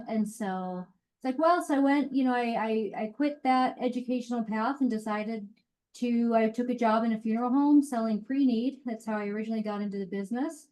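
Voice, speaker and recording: A woman guest in a casual interview, speaking plainly and getting straight to the point. Her pitch sits a little higher than average, and she sounds direct and unfussy. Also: fairly quick, darkish tone. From Colorado. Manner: frank, matter-of-fact, speaks her mind. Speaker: funeral director and mortuary educator.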